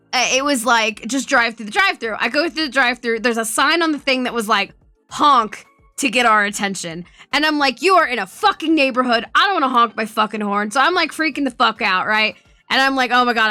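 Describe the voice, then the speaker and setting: A young woman streamer chatting casually, with a fairly high, bright and forceful voice. She rambles and swears freely as she tells her stories, close to the mic in a dry room, with faint music playing underneath. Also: no echo. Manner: swears often, rambling and animated storytelling. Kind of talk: casual chat.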